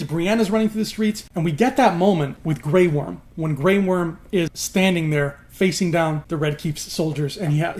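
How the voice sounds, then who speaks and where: Animated man retelling a TV plot. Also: sits high. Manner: animated storytelling, swears freely. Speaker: YouTube host.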